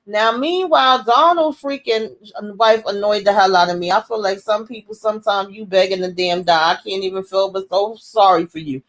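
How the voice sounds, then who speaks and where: Woman, TV recap host; animated, profane, slangy, acts out scenes mid-story. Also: on the high side, normal speed. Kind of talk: casual TV episode recap.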